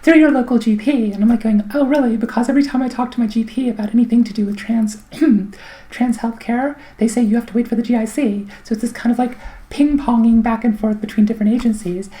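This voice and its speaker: A middle-aged woman chats through a personal update in a fairly high, mellow voice. She rambles with plenty of ums and likes and drops dry, wry remarks, while a clogged throat makes her pause to clear it again and again. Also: steady tone. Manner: chatty, rambling, wry, many fillers. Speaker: vlogger.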